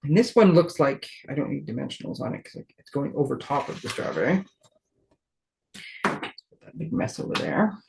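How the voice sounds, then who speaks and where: A woman's voice: deep voice, sing-song, moderate pace, creaky, pauses often, a little mellow, slight background noise. Chatty woman demonstrating card making. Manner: chatty, thinks aloud while working, self-deprecating. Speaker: paper crafting demonstrator. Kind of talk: casual live crafting demo.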